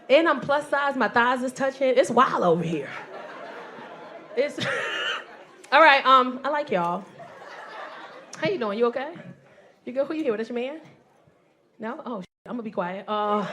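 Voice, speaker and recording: A woman in her forties performing a loud, animated stand-up set with crowd work, telling stories to a live audience. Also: high-pitched, normal speed. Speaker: stand-up comedian. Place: comedy club stage with live audience. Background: audience laughter.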